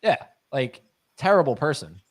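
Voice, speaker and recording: A man's voice: fairly high pitch, lively intonation, moderate pace. A man co-hosting a live stream, chatting casually about movies, rambling through fillers and restarts. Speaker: podcast co-host.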